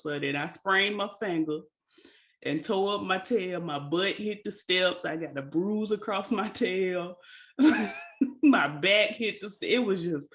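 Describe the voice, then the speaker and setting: A woman's voice: medium pitch, takes it slowly, pauses often. A young adult woman co-hosting a casual chat, telling stories with lots of laughter and calling people honey. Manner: animated storyteller, laughs often, says "honey". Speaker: co-host.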